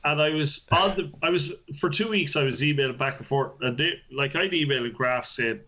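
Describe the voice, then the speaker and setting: A man co-hosting a podcast, telling a story in an animated, profane way and laughing often. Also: fairly high pitch, fairly quick, hardly any pauses. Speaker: podcast co-host. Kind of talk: casual chat.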